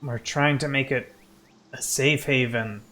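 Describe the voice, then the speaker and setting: A man's voice: medium pitch, fairly even intonation, unhurried, bright, forceful tone. A man voicing a grave, defensive male changeling in a tabletop game, with faint music behind.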